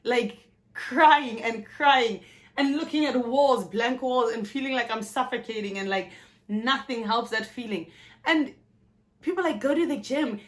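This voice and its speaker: A South African woman in her twenties, talking frankly and with profanity in a candid personal vlog, telling her story in an animated way. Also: fairly high pitch, unhurried. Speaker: YouTuber.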